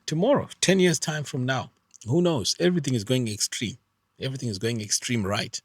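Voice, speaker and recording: A man's voice: medium pitch, brisk, breathy edge, dry recording. A middle-aged man from Zimbabwe giving an earnest, emphatic vlog monologue, often repeating his points. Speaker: vlogger. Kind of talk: earnest direct-to-camera monologue.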